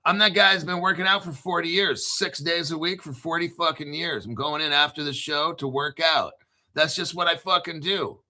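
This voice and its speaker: Man in his fifties, crypto vlog host, combative profane rant, high-ish voice, very sharp forceful tone. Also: normal speed. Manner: emphatic, repeats himself. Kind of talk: casual ranting commentary.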